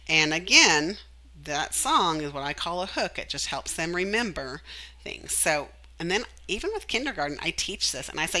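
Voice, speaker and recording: Low-voiced, bright-sounding woman teacher. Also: moderate pace, poor audio. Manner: animated, demonstrates sounds and sings. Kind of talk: explaining a reading lesson.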